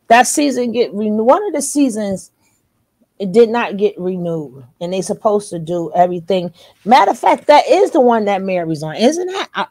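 A woman's voice: mid-range voice, darkish tone, no room sound. A woman co-hosting a casual reaction chat, talking things over with lots of questions. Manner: chatty, questioning. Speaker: co-host.

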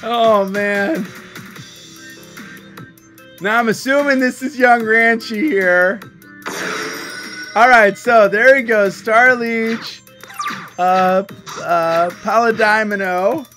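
A man's voice: sits high, slow pace, pauses often, sharp tone, soft background music. A man casually commentating online card game duels as host, amused and often breaking into laughter while chatting to viewers. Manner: giggly, keeps breaking into laughter.

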